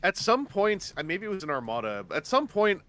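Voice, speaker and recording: A high, very animated male voice, pushed and bright, comes a little fast over slight background noise. He's chatting casually on a gaming stream, rambling through lengthy, excited explanations with lots of fillers and restarts.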